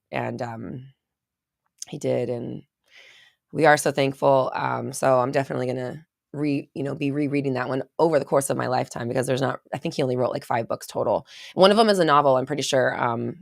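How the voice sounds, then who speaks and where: Woman host, low voice, casual chatty live-stream rambler, dry close sound. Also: creaky, no echo. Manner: rambling, chatty, reads viewer comments aloud.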